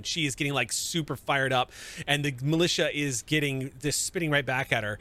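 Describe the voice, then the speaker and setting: A man narrating as game master in a relaxed, chatty way, with frequent fillers. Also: medium pitch, normal speed.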